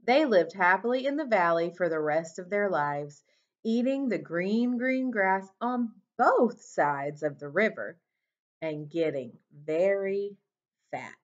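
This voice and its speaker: A woman reads a children's story aloud at a slow, deliberate pace, with expressive storytelling. She stops to ask her young listeners questions, like a teacher. The recording is dull and lo-fi. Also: medium pitch.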